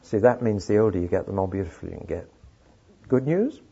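A man's voice: deep voice, expressive, brisk, gravelly, mellow, slightly rough. A man preaching a sermon, telling stories with dry humor. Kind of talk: sermon with anecdotes. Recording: dull lo-fi recording.

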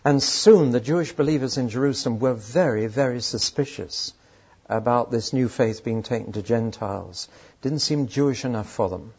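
A man's voice: mid-range voice, normal speed, a little mellow, breathy edge. An older man preaching a sermon, telling stories and asking emphatic rhetorical questions. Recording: dull lo-fi sermon recording.

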